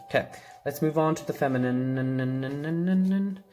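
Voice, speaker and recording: A man giving a casual tarot reading, thinking aloud and meandering with frequent pauses. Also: fairly high pitch, background noise. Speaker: tarot card reader.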